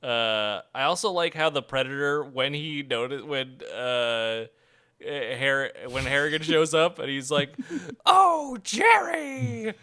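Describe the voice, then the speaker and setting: A man co-hosting a casual movie review podcast, animated and laughing often as he talks. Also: medium pitch, measured pace, clear, resonant tone. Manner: animated, laughs often, bursts into shouted impressions of movie lines. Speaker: podcast co-host.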